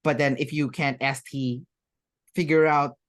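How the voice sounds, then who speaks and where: A woman's voice: sits low, steady tone, measured pace. A woman as an interview guest, talking in a rambling, chatty way with many fillers and restarts. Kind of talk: casual interview chat.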